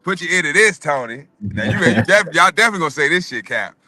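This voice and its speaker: A man telling a long story in casual chat, animated and profane, often repeating words. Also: on the high side, fast. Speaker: podcast co-host telling a story.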